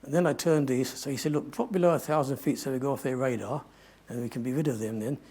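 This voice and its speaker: An older man tells a long adventure story at a museum talk, stopping often to restart his sentences. His voice is dark and mellow with a husky edge. The delivery is loose and chatty. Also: mid-range voice, fast. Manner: rambling, self-correcting storyteller. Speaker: guest speaker.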